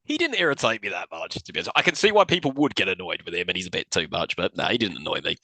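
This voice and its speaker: A man's voice: sits low, very fast, no room sound. A man co-hosting a podcast, casually recapping a film, acting out scenes and laughing often. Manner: animated storyteller, acts out scenes in voices, laughs often. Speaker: podcast co-host.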